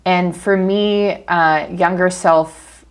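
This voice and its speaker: An American woman in her thirties, a company founder, chatting casually as an interview guest with fillers and quick restarts. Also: fairly low pitch, steady tone, clear, resonant tone. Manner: fast, chatty, frequent laughs and fillers. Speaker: podcast guest, medtech founder.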